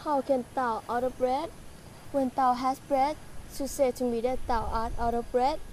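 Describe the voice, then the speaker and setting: A woman's voice: sits high, fairly even intonation, a little slow, a little mellow, a little hiss or hum. A woman playing young Juliet, a lovestruck girl who pleads and questions impatiently in an amateur Shakespeare film.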